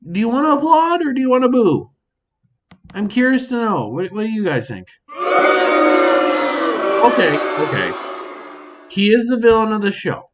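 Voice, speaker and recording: A man with a very high-pitched voice hosts a casual solo podcast from home near a sink, swearing freely as he addresses an imagined audience. The audio is dull, with heavy background noise.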